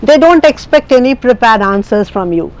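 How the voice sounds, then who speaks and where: Lady teaching exam prep, kinda high voice, lots of uh and restarts. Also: lively intonation, moderate pace, darkish tone, poor audio. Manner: earnest and instructive, with frequent fillers and self-corrections. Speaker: English exam tutor. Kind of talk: spoken classroom lesson.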